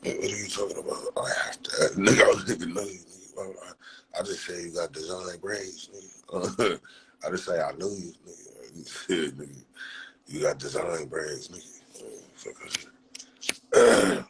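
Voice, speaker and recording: A man's voice: sits low, fairly even intonation, normal speed, a bit bright, a little hiss or hum, poor audio. A young man talking loosely on a phone livestream, full of street slang and profanity and breaking into laughter often. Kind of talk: casual livestream chat.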